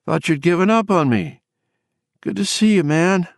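A man voicing a gaunt, exhausted woman with a shrill, wavering, croaking voice, for an audiobook. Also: moderate pace, no echo, studio quality. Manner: trembling, breathless with exhaustion. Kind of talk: audiobook character voice.

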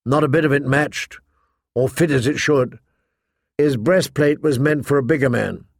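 A man narrating a fantasy novel in steady scripted narration. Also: medium pitch, moderate pace, dry recording, clean studio sound. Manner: steady storytelling. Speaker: audiobook narrator.

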